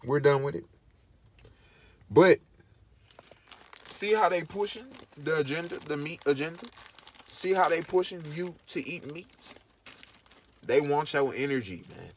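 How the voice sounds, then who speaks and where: A man's voice: fairly high pitch, animated, unhurried, long pauses. A man vlogging in casual to-camera commentary, emphatic and preachy, repeating his points over and over.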